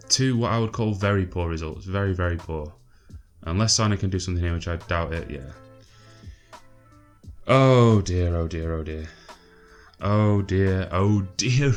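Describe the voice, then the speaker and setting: A low-voiced man talks through his game in a loose, chatty way. He sounds exasperated, swears freely and fills gaps with ums. Faint music plays underneath. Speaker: gaming channel host. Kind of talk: casual gameplay commentary.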